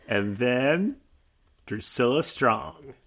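Podcast co-host, casual chat, very lively intonation, mid pitch, laughs readily. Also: extremely slow, creaky. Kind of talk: casual chat recapping a TV episode.

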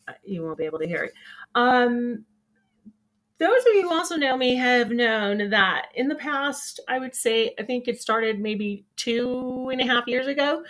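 A woman hosting a casual live talk show. Her voice sits a little high and sounds bright and sharp. She rambles along with plenty of ums and laughs at her own jokes. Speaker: show host.

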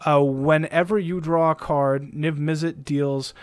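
A man's voice: fairly high pitch, steady tone, unhurried, clear, resonant tone, dry recording. A man co-hosting a casual card-game chat, dry and a little reluctant as he explains card rules. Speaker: podcast co-host.

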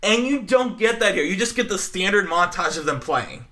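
A man co-hosting a casual podcast, talking with animated enthusiasm and lots of fillers. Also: high voice, normal speed. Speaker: podcast co-host. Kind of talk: casual film podcast chat.

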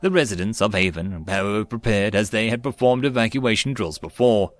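A man's voice: fairly low pitch, animated, a little fast, no echo. A man reading a web novel aloud as an audiobook, doing all the parts himself and raising his voice for the dialogue. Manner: reads all parts himself, lifting his voice for quoted lines. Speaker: audiobook narrator.

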